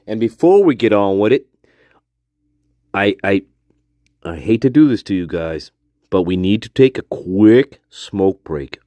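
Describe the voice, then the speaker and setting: A man's voice: low voice, dark tone, dry recording. A man hosting a livestream, ranting angrily and profanely into his phone, repeating his points over and over. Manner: angry, profane, repetitive. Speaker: livestream host. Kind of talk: livestream rant.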